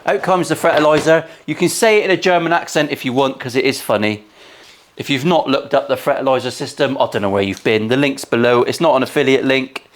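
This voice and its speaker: A man's voice: mid-range voice, brisk. Forties man, luthier, casual workshop chat, cheeky and crude, swears freely. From England. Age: 40s. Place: guitar workshop.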